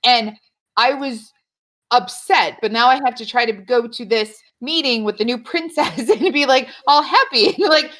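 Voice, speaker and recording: A woman in casual chat, telling animated stories, acting out quoted lines, swearing and laughing often. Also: fairly high pitch, moderate pace. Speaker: podcast guest.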